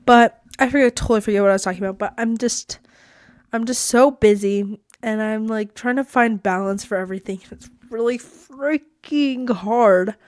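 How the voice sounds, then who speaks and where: A woman's voice: medium pitch, steady tone, fairly quick, dry recording, clean studio sound. Chatty teenage girl rambling to camera. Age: teens. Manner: chatty, rambling, self-deprecating with frequent laughs. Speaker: podcast host. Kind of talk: casual solo podcast vlog. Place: her bedroom.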